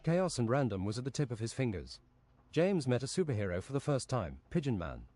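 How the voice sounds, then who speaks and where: Deadpan man reading a fantasy tale. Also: mid-range voice, fairly quick, no room sound. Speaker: streamer reading his own story. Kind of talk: reading an absurd fantasy story aloud.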